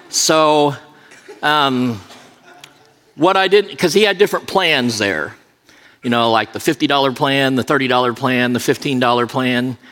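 A middle-aged associate pastor mixes a sermon with jokey, self-deprecating stories in a church sanctuary. His voice is mid-range and fairly bright, with the long reverb of a large church.

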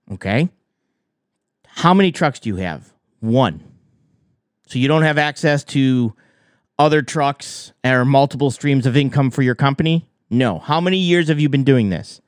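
A man's voice: medium pitch, dry recording, clean studio sound. A man giving heated commentary on trucking, arguing with rhetorical questions. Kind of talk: reaction commentary.

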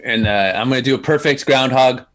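A man hosting a podcast, telling stories in an animated, laughing way with lots of restarts. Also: medium pitch, brisk. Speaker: podcast host. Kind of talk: casual storytelling chat.

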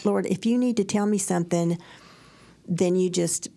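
Middle-aged woman with a gravelly voice, animated storyteller, laughs a lot. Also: fairly low pitch, moderate pace. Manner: animated storyteller, laughs often, acts out quotes. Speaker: podcast co-host. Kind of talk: faith-based casual chat, storytelling.

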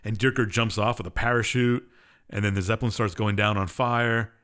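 A man's voice: lowish voice, fairly even intonation, brisk, fairly bright tone, clean tone. A man co-hosting a podcast, casually retelling a game's story with lots of "uh" fillers. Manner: rambling plot retelling with many "uh" fillers. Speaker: podcast co-host.

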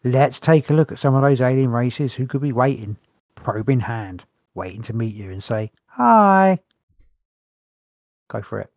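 A man's voice: mid-range voice, steady tone, moderate pace, mellow. A man in a casual podcast chat, reading his notes aloud and breaking off for wry asides. His voice sits in a middle register. The recording is dry and close, with no room echo. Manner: wry, dry humour, sighs between points. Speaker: podcast co-host.

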